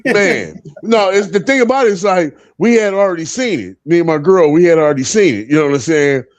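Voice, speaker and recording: A man's voice: high voice, lively intonation, fairly quick, no echo. A man in his fifties telling profane, laughing stories as a co-host on a live panel. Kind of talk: casual storytelling on a live panel.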